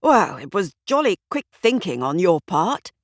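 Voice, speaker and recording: A woman voicing a brisk, hearty male police superintendent in an audiobook mystery. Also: high voice, big pitch swings, dry recording, studio quality. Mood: jovial.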